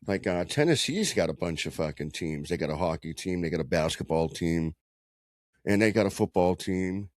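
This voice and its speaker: In a dry, clean studio recording, a man with a low, expressive voice talks at a moderate pace. He's co-hosting a sports podcast, bantering casually, swearing a lot and telling jokey stories.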